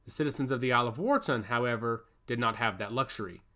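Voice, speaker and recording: A man reading a fantasy story as scripted narration, with expressive storytelling. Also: medium pitch, fast talker.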